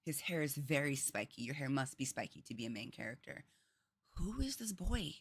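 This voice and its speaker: A woman streamer chatting and joking over gameplay, with sudden loud yelps and laughs. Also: sits low, expressive, fairly quick, soft background music. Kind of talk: let's play commentary.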